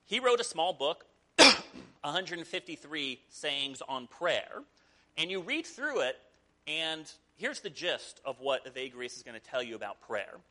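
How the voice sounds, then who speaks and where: A man preaching a sermon, telling a scripture story with lively, mocking asides. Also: on the high side, unhurried. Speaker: pastor.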